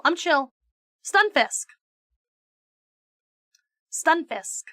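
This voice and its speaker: A woman streamer with a high, bright voice rants animatedly and swears freely. She stumbles over quick restarts as she chats casually with her viewers. Her voice sounds close and dry, with no room echo. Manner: animated, profane mock-ranting; stammering restarts. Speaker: VTuber streamer. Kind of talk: casual live-stream chat.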